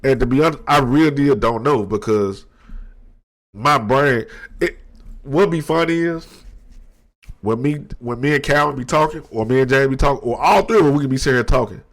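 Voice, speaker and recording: A man in his thirties talking slowly and candidly into the mic at his desk, reflective and low-key, with slang and many restarts. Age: 30s. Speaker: podcast host. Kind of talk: candid personal monologue.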